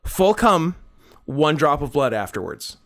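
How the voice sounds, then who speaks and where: A man's voice: fairly high pitch, sing-song, measured pace, a bit bright. A man co-hosting a podcast in casual chat, playful and full of absurd jokes, often laughing. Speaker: podcast co-host.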